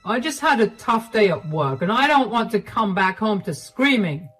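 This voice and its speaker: A callous middle-aged husband who brushes off his wife with cold condescension, voiced by a woman telling the story. He sounds plain and unhurried rather than theatrical. A soft bed of music runs quietly beneath him. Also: medium pitch, big pitch swings, breathy edge, rough recording. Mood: dismissive. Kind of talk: storytelling voice acting.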